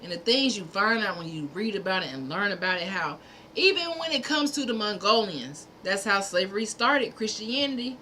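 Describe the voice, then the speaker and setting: A woman's voice: medium pitch, lively intonation, normal speed, pushed and bright, a little hiss or hum. A woman hosting a livestream, delivering a fervent, preachy monologue in repeated punchy phrases, sometimes profane. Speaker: livestream host.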